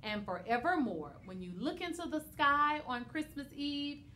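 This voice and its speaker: A woman teacher reads a holiday storybook aloud for young children. Her voice moves with lively, swinging pitch, and a faint background hum runs beneath it. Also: a little slow. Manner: expressive, animated.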